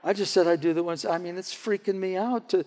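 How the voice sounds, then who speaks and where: A man preaching a sermon to a church gathering, telling stories in an animated way and often repeating his words as he goes. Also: sits high, quick pace. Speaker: pastor. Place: church hall. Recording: long hall reverb.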